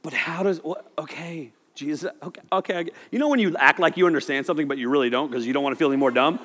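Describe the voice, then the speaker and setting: A man preaching a sermon in a loose, animated, conversational way, often acting out voices. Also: on the high side, very fast. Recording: echoey hall reverb.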